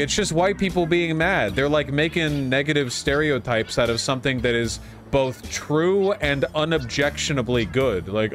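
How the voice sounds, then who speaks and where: A man's voice: medium pitch, moderate pace, hardly any pauses, a bit bright, soft background music. A man streaming a video game, ranting crudely and swearing often in casual commentary.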